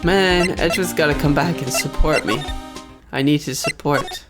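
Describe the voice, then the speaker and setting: Low-voiced woman reacting to a game. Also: moderate pace, loud music behind the voice. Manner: blunt, exclaiming, swears freely. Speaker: lawyer playing a video game. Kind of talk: let's play commentary.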